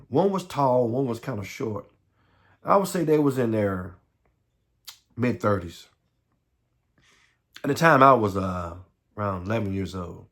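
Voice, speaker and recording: A man from the Southern United States telling his own life story, halting and earnest, often repeating words and close to tears. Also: mid-range voice, creaky, fairly bright tone. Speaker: vlogger.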